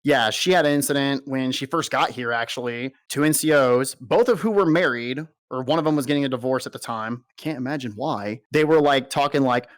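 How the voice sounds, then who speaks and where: A young adult man, a soldier being interviewed, telling stories in an animated, exasperated and profane rant. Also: mid-range voice, quick pace, few pauses, no echo. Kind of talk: ranting interview storytelling.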